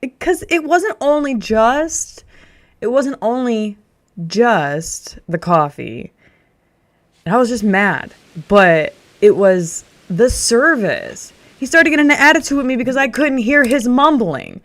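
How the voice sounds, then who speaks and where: A woman's voice: fairly high pitch, very animated, slow, a bit bright. A young adult woman streamer chatting casually with her audience, ranting through a story and laughing often. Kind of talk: casual chat to a live audience.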